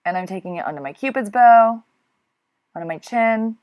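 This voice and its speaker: A woman's voice: fairly high pitch, expressive, normal speed, highs cut off. A woman talking through a makeup tutorial in a chatty, flustered way, laughing often and apologizing along the way. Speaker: beauty vlogger.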